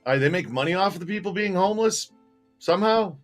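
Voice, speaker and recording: A male host of a casual livestream reads viewer comments aloud and chats about them in a relaxed way. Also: high-pitched, fast talker, soft background music.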